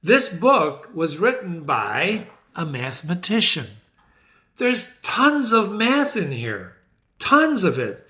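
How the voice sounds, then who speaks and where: Man, middle-aged, literature host, high voice, lively swooping delivery, theatrical. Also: takes it slowly. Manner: animated, theatrical, addresses viewers as ladies and gentlemen. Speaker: literature teacher and website host. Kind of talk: enthusiastic talk to camera.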